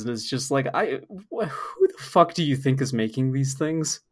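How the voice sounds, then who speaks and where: A man's voice: on the high side, lively intonation, moderate pace, few pauses. Sarcastic ranting man. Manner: ranting, sarcastic, swears a lot. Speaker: podcast co-host. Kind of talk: casual chat.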